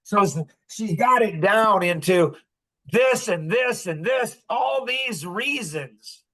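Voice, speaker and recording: An older man hosting a podcast, telling stories to a group in an animated way and acting out quotes with sudden loud bursts. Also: sits high, slow pace, rough recording. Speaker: podcast host. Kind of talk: storytelling to a live group.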